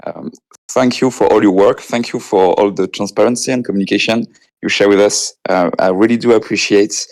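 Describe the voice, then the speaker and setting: A French-accented man, a native French speaker, speaks English carefully and a little haltingly. He is polite and giggly, his voice sitting slightly low, as in a casual voice chat. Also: steady tone, darkish tone. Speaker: community member.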